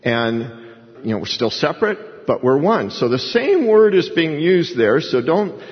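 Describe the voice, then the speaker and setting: A man's voice: a little high, big pitch swings, measured pace. Folksy male preacher in an echoing hall. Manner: conversational, folksy preaching with restarts and emphasis. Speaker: pastor. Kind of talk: expository sermon. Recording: long hall reverb, dull lo-fi sound.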